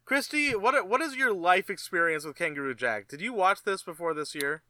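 A man's voice: high-pitched, animated, normal speed, sharp tone. A man co-hosting a casual podcast, asking teasing, pointed questions. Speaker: podcast co-host. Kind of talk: casual chat.

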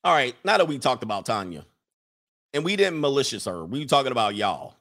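Animated man in his forties, AAVE. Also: medium pitch, fairly quick. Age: 40s. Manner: animated, laughing, slangy storytelling. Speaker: commentator. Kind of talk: casual comedic commentary.

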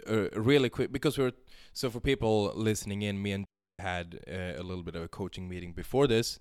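A man's voice: on the low side, clear, resonant tone, dry recording, clean studio sound. A man coaching on a podcast, explaining in a loose, talkative way and often checking in with "right?". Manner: explanatory, acts out dialogue examples, frequent "right?". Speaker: sex and dating coach.

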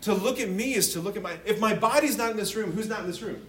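High-voiced priest quizzing teens. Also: male voice, fast. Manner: lively, joking, quizzes the audience. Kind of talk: interactive talk to teens. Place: room with a live youth audience.

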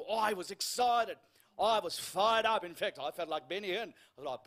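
A man with a high voice preaches in a church, spinning a comic story. He acts out the lines of the people he meets, and the quoted voices drop to a hush. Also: moderate pace. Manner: storytelling with humour, acting out dialogue, dropping to a hush for quoted lines. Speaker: guest preacher. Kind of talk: sermon.

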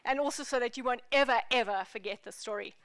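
A woman pastor preaching a sermon in an animated, playful, emphatic way. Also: a little high, fast talker, slight background noise.

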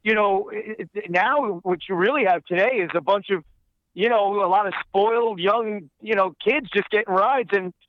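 A man's voice: sits high, normal speed, no echo, highs cut off. A man who voices characters, talking in a casual interview and rambling with many fillers. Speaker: voice actor guest.

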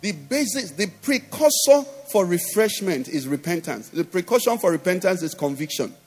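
Man, Nigerian English accent, pastor, high-pitched, call-and-response sermon, soft music behind. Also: big pitch swings, moderate pace, slightly rough. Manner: emphatic call-and-response preaching, asking "do you understand?". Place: church.

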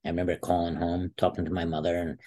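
A man in his sixties, an interview guest telling a long story in a casual way, acting out what others said. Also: quick pace. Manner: animated storyteller, acts out quotes with a raised pitch. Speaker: interview guest, former wrestler.

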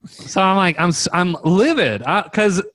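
A man with a fairly high voice tells a long, exasperated story in casual chat. The recording is very dry and close. He gets worked up as he acts out the other people in it. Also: expressive, measured pace, a bit bright, dry recording. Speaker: podcast co-host telling a story.

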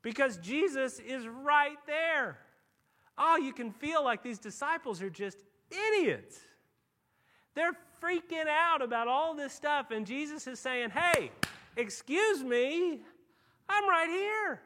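Animated, high-voiced male preacher. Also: unhurried. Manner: animated storytelling, swinging from quiet asides to loud emphatic peaks. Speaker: pastor. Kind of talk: sermon. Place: church.

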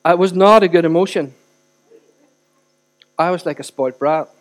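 A man preaching a sermon in a church, speaking in a conversational way with direct questions to the congregation, swinging between loud and hushed. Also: a little high, moderate pace. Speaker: pastor.

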